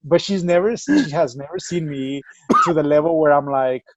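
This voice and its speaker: A man co-hosting a soccer podcast, telling animated stories in casual chat over a remote link. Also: on the high side, normal speed. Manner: animated storyteller. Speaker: podcast co-host. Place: home, remote call. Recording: dull lo-fi remote audio.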